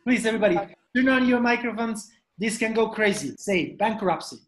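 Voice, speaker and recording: A man's voice: high-pitched, brisk, fairly bright tone, reverberant. A man teaching an online English class, repeating questions and drilling pronunciation over a video call.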